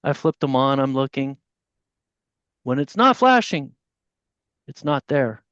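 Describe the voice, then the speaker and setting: A man telling a story on a podcast as a guest. He is casual and animated, and he acts out the voices of the people in his tale. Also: medium pitch, takes it slowly, smooth, dry recording. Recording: dull, dry lo-fi audio.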